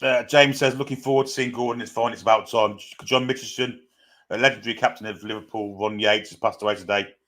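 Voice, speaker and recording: A man's voice: on the low side, steady tone, fast, a bit bright. A man hosting a live stream, chatting through a football match as it unfolds. He greets viewers one by one and reads out their comments in an easy, casual way.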